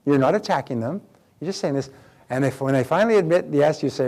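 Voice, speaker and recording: A man's voice: a little high, animated, fast, darkish tone. A middle-aged man giving a motivational seminar talk, emphatic and acting out quoted dialogue as he teaches. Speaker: self-development speaker.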